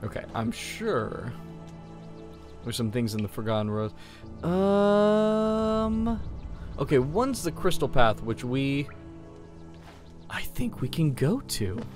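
A man giving casual gameplay commentary as a let's play host, giggly, gushing and excitable. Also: fairly high pitch, slow, long pauses, faint music behind.

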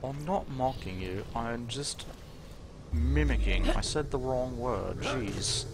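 A man's voice: medium pitch, slow, gravelly. A young man chatting casually while streaming a video game, rambling and joking with lots of fillers. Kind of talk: casual gaming chat. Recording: noisy game audio behind.

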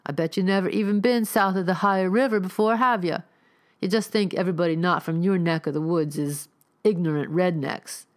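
A woman voicing a scornful male cult member with a rifle in a spooky story reading, talking slowly and mockingly. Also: on the low side, expressive. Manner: slow, taunting, mocking.

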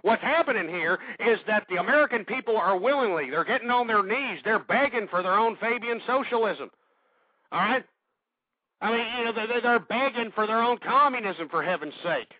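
An older man hosting call-in talk radio, ranting in angry shouts and panting heavily between tirades. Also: sits high, animated, moderate pace, breathy edge, no echo, phone-quality sound. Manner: angry shouting tirades, then heavy-breathing grumbling. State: out of breath. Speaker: radio talk show host.

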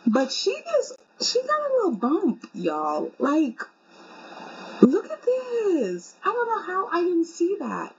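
A young woman casually commenting on her life-simulation game in an excitable, informal way. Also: very high-pitched, slow pace. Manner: chatty, excitable, informal with fillers like y'all. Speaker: gaming video creator. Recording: slightly muffled with faint hum.

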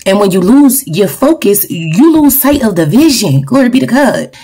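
A young adult woman, an online minister, preaches fervently to camera, reading scripture and repeatedly saying "glory be to God." Her medium-pitched voice is sing-song, dark in tone and slightly rough, at a moderate pace.

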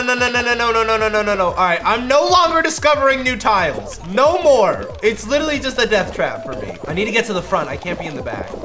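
A young man giving excitable live gameplay commentary, trash-talking and yelling in bursts. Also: sits high. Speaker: gaming YouTuber. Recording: music playing behind.

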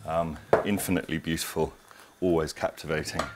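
A man's voice: a bass voice, flat delivery, brisk, heavy background noise. A middle-aged man, hosting a casual cooking demonstration in his home kitchen, chatty, digressive and enthusiastic. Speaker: cooking show host.

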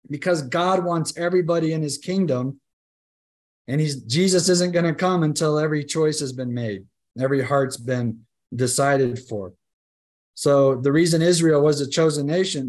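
A man leads a Bible study class in a conversational but emphatic way, frequently asking the group "right?" and restarting his sentences. His voice is on the high side and a little mellow.

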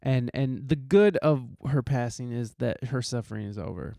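A man's voice: medium pitch, moderate pace, gravelly, dark tone, no room sound, clean studio sound. A man hosting a podcast, giving a heartfelt, profane, rambling monologue full of restarts. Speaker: podcast host.

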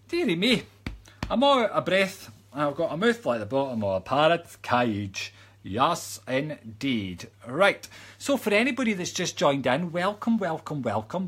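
Husky Scottish man, chatty psychic. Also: a little high, a bit bright. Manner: chatty and affectionate, calls viewers sweetheart. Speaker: psychic medium. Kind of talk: live-stream psychic readings, chatty. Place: at home.

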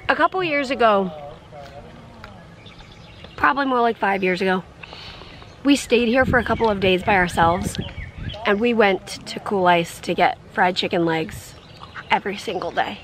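A woman's voice: mid-range voice, normal speed, pauses often, a bit bright, slight background noise. A woman in her thirties chatting casually with her husband for a vlog, playful and talkative, recorded outdoors by the water. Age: 30s. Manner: chatty, playful, sings in a teasing lilt. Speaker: vlogger. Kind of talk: casual chat.

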